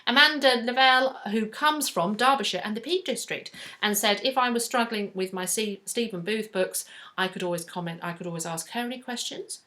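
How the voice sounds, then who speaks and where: A woman's voice: medium pitch, brisk, sharp tone. A woman in her forties from South East England, with a Southern English accent and a slight northern inflection, chatting effusively to camera as a book vlogger. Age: 40s. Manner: chatty and effusive, with fillers and restarts. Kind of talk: casual chat to camera.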